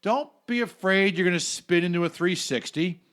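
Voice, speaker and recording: A man's voice: high-pitched, normal speed, fairly bright tone. A man co-hosting a podcast in casual chat, talking in a brash, emphatic, jokey way. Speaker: podcast co-host.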